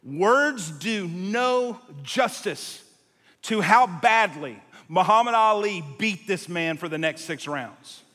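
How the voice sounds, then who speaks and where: Male preacher, bright and forceful tone, lively sermon storyteller, heard with the long echo of a big hall. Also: high-pitched, takes it slowly. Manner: animated, jumps between tangents, acts out quotes. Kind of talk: sermon storytelling to a live congregation. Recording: long reverb of a large hall.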